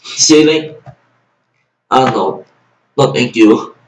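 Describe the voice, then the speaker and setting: A man's voice: medium pitch, slow, far from the mic. A man ranting in an exasperated, mocking way, swearing at times, as a vlogger. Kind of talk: ranting commentary. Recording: echoey room, away from mic.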